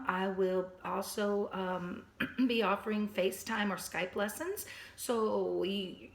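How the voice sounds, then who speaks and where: Patient piano teacher, woman, slightly hoarse. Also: mid-range voice, reverberant. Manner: patient, instructive, clears throat often. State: losing her voice. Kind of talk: recorded piano lesson for kids and parents. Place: at a piano, indoors.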